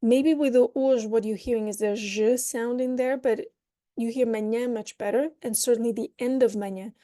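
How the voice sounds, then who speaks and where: A woman teaching an online language lesson, explaining with playful metaphors and modelling phrases slowly and then at natural speed. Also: on the high side, fairly even intonation, dark tone, dry recording, clean studio sound.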